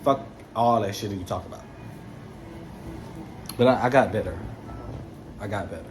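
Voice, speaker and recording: Animated, foul-mouthed young man telling a story. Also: on the low side, normal speed, slight background noise. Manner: animated, swears freely, slangy street talk. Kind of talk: casual storytime.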